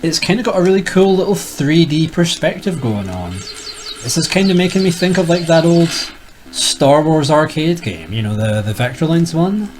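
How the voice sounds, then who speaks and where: Animated young man rambling over gameplay. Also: on the high side, moderate pace, slight background noise, low-quality recording. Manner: rambling, jokey, talks to himself while playing. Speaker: retro gaming youtuber. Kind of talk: casual gameplay commentary.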